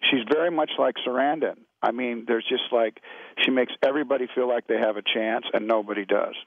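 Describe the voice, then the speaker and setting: Gravelly man, middle-aged, from California, rambling laid-back storyteller, dull lo-fi radio sound. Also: mid-range voice, fairly quick, dry recording. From California, USA. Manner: laid-back, rambling anecdotes with many restarts. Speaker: guest actor.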